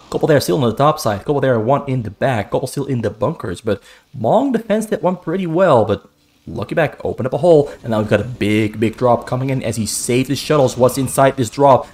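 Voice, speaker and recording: A man giving solo play-by-play commentary on a strategy game match, brisk and running, often repeating key phrases for emphasis. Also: mid-range voice, darkish tone. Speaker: esports caster.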